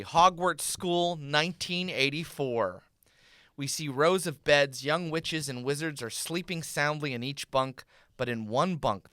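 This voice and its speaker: A man hosting a comedy podcast, reading his own screenplay's stage directions in a deadpan way. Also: fairly high pitch, no room sound, clean studio sound.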